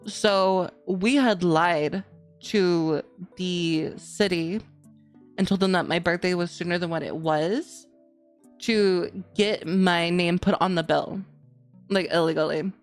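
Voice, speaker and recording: A woman's voice: fairly low pitch, steady tone, slow pace, soft background music. Young woman rambling through a story. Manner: rambling, many "like" fillers. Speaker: podcast co-host. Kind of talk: casual storytelling chat.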